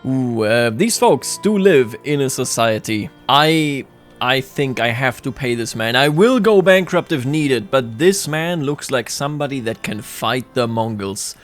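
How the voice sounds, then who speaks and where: A man's voice: mid-range voice, lively intonation, a little slow, faint music behind. A man giving sarcastic, jokey let's-play commentary on a strategy game, often laughing at his own remarks. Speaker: gaming YouTuber.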